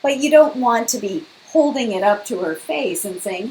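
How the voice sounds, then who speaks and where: A woman's voice: a little high, sing-song, moderate pace, few pauses. Woman, lecturer, explanatory classroom talk, acts out sample questions, faint hiss behind. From not from Liberia.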